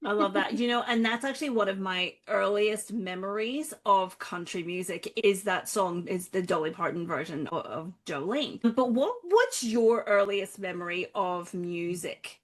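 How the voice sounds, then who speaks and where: A woman hosting a podcast, chatting quickly and enthusiastically with a guest. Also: medium pitch. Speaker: podcast host. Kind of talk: casual interview chat.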